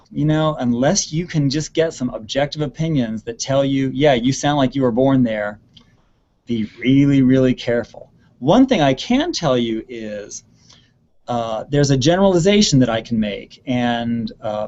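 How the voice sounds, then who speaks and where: A man's voice: mid-range voice, darkish tone, muffled recording. A man giving earnest advice on stage performance in an online question-and-answer session, often repeating words for emphasis. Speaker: theater expert answering student questions. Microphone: video call.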